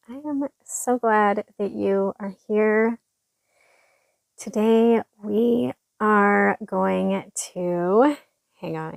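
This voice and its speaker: A woman's voice: mid-range voice, gravelly, dry recording. A woman hosting a devotional podcast, speaking earnestly and encouragingly with a stuffy, congested voice. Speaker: podcast host.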